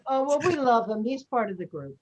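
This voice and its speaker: A woman's voice: fairly high pitch, sing-song, fairly quick, a little hiss or hum. A woman teaching an acting class, giving directions and encouragement over a video call. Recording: dull video-call audio.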